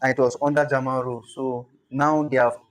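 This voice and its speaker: A man's voice: medium pitch, level tone, a little fast, low-quality recording. A man giving an online lesson on spelling, thinking aloud, sounding out words and chuckling as he goes. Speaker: instructor.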